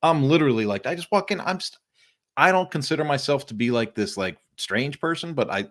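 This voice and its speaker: An upbeat, middle-aged man hosting a podcast tells stories in a casual interview chat, speaking a little fast in a medium-pitched voice. He's an animated storyteller who acts out friendly greetings. He comes through a remote live-stream call.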